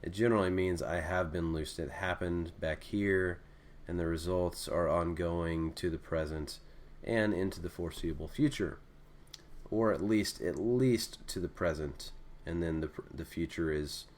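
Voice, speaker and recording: A man's voice: deep voice, measured pace. A man teaching a casual screen-recorded lesson, thinking aloud as he writes and correcting himself as he goes. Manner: relaxed, thinking aloud with fillers and self-corrections. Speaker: Greek teacher.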